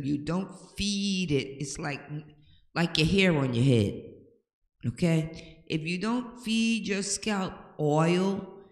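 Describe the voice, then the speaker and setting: An older woman talks slowly and deliberately, lecturing with emphatic, preachy conviction. Her voice rings around a roomy space with a long, lingering reverb. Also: medium pitch. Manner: preachy, emphatic, checks in with "okay?". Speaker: home-remedy host. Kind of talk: casual advice talk to camera. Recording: echoey room with long reverb.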